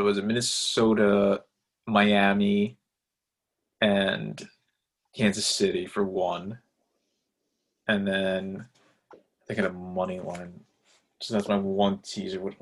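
A man with a low-pitched voice rambles through his betting picks, thinking aloud and hyping up his favorites. His delivery is loose and casual as he wraps up the show. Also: slightly rough. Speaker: podcast co-host. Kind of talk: casual sports betting chat.

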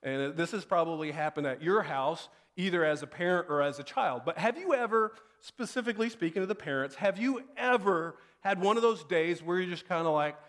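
A man in his thirties preaching a sermon. He tells a family story in a chatty way and acts out what he and his kids said. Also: fairly quick. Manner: conversational storytelling, acts out quoted lines with rising pitch. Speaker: pastor.

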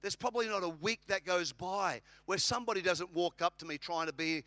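Aussie pastor guy preaching, high bright voice, dry close sound, jokey and punchy. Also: brisk, no echo. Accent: Australian. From Australia. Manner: humorous, emphatic preaching with repetition. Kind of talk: sermon.

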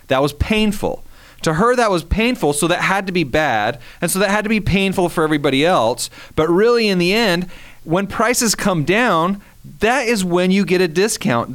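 A man's voice: fairly high pitch, fairly bright tone. A man talking casually on the radio as a trading instructor, chatty and prone to repeating words.

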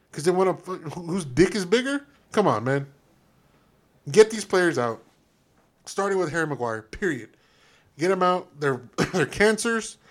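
A man co-hosting a fan podcast, ranting in a heated, profane, emphatic way. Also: on the high side. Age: adult. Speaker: podcast co-host.

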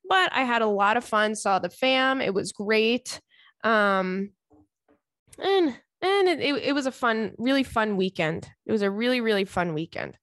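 A woman's voice: a little high, expressive, a little slow, fairly bright tone, dry recording, studio quality. A woman hosting a casual solo podcast from home, telling candid, profane stories in a chatty way. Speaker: podcast host. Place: home, indoors.

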